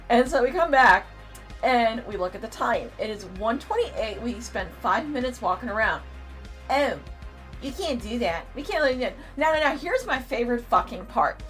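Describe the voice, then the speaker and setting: A woman co-hosting a casual convention review, telling a story in an animated way with lots of swearing. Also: fairly high pitch. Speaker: podcast co-host.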